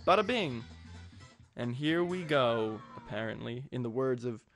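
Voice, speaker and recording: A man's voice: mid-range voice, normal speed, creaky, faint music behind. Jokey man narrating his gameplay. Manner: jokey, rambling, crude asides. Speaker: let's play host. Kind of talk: casual gameplay commentary.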